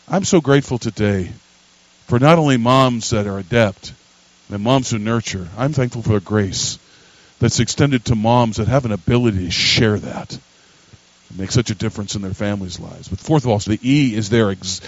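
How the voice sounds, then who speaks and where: A pastor, telling a story in a sermon and building to loud emphatic preaching. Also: male voice, medium pitch, moderate pace, dry recording, rough recording.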